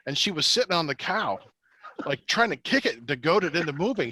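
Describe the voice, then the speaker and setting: Man in his fifties, podcast guest, animated pitch, bright tone, jumps in with details. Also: a little fast, slightly rough. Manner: lively, jumps in to add details. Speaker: podcast guest, metal band member. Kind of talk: casual storytelling chat.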